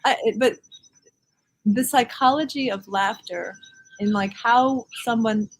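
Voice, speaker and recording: A woman talking as a guest in a casual conversation, chatty and expressive and often laughing as she speaks. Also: on the high side, measured pace, a little hiss or hum, rough recording.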